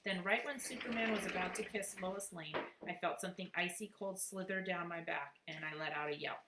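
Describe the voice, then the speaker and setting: A woman reading a children's book aloud, lively and expressive. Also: lowish voice, a little fast. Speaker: reader. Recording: echoey room, faint noise.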